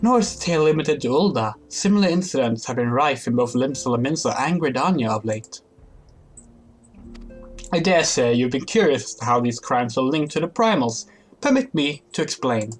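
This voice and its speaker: A man's voice: medium pitch, expressive, normal speed, faint music behind, close to an everyday voice. A man reading aloud the formal lines of a composed woman leader in a game. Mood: explaining.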